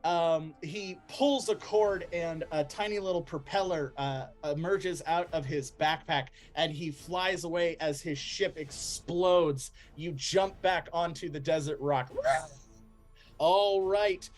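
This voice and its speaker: A man narrating a tabletop game as game master, relaxed, with frequent ums and laughs. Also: on the high side, slow, soft background music.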